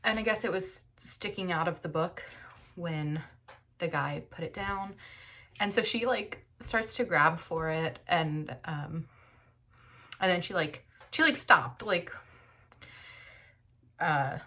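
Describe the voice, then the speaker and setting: A woman book vlogger speaks from home in a slow, unhurried way. Her voice sits low for a woman, and she sounds emotional and close to tears, rambling through fillers as she recalls her day. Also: pushed and bright. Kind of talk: casual personal reflection.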